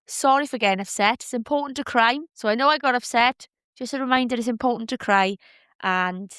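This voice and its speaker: Podcast host, woman, 30s, slightly high voice, heartfelt and teary, dry close recording. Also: no echo. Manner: heartfelt, chatty, tearful at times. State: emotional, near tears. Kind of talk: personal monologue podcast.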